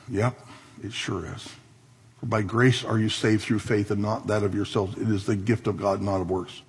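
Husky-voiced male pastor preaching. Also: lowish voice, darkish tone. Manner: conversational preaching with wry asides; reads scripture aloud then comments on it. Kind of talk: sermon.

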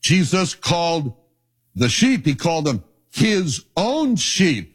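A middle-aged man preaching with a lively, swooping delivery that rises high on key words. His voice sits a bit above the usual male range, and he slips into low, quiet asides as he tells stories from his own life. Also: slow, breathy edge. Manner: animated storytelling, drops low for asides. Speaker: pastor. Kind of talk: sermon with personal stories.

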